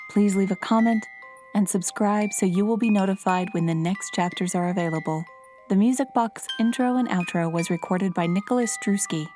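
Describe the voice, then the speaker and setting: A woman's voice: medium pitch, a little mellow. A woman delivering a formal, courteous scripted outro for an audiobook. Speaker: audiobook host. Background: music box.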